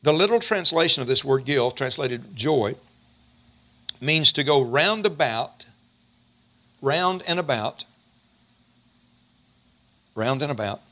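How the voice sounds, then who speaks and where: A man preaching a sermon in a folksy, animated way, calling on his congregation to respond. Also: mid-range voice, slow, pauses often.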